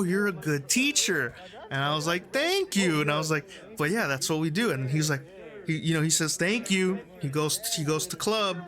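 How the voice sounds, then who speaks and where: A young man tells a concert story in a casual vlog, animated and laughing, leaping into high, excited voices when he quotes people. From Houston, Texas. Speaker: concert-going fan.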